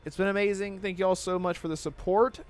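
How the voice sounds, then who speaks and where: A man's voice: sits high, fairly even intonation, fast, clean tone, soft background music. A man hosting a casual gaming podcast, upbeat and laughing often as he thanks his chat. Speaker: podcast host.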